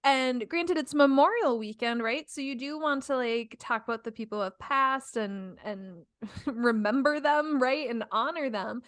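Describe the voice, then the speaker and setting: Chatty high-voiced woman podcast host. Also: unhurried, dry recording. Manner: chatty, laughs often, many fillers. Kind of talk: casual chat.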